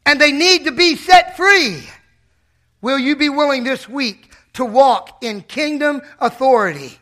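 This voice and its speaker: A man preaching a sermon in a church, impassioned, breaking into loud shouted bursts. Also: extremely high pitch, unhurried.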